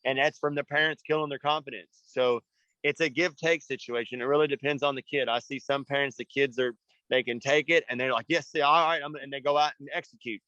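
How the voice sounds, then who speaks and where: A man's voice: mid-range voice, steady tone, brisk, pushed and bright, no echo, muffled recording. A man coaching young motocross riders, talking in an earnest, rambling way and often asking "you know what I mean.". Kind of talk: casual coaching talk.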